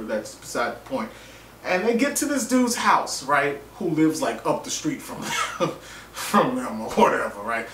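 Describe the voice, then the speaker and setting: With a fairly high voice, a vlogger animatedly recaps a TV episode, dropping jokes and profanity and acting out quotes. The recording has slight background noise, faint ambience, and the roomy sound of a far-off mic.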